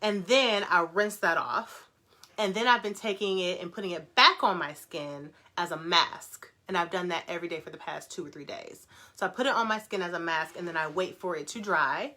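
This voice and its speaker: Fast-talking, animated woman on a livestream. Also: on the low side. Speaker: brand founder hosting a live Q&A. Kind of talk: casual livestream chat reading viewer comments.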